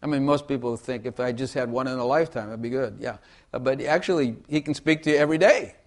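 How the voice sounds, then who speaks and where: A man's voice: mid-range voice, quick pace. A man preaching a sermon in a folksy way, repeating phrases and asking the congregation for amens.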